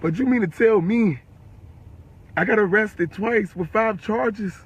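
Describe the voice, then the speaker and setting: A man's voice: sits high, measured pace, slight background noise. An eighteen-year-old man ranting on a live stream, furious and profane, firing the same questions again and again. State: upset and worked up. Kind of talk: angry live-stream rant.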